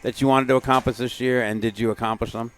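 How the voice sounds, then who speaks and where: A middle-aged man co-hosting a podcast in casual chat, telling stories in an animated, joking way. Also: mid-range voice, fast talker, smooth, no room sound. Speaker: podcast co-host.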